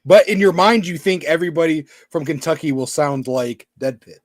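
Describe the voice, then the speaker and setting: A man's voice: on the high side, normal speed, dry recording, studio quality. A man from Arizona chatting casually on a live stream, agreeing easily and laughing along.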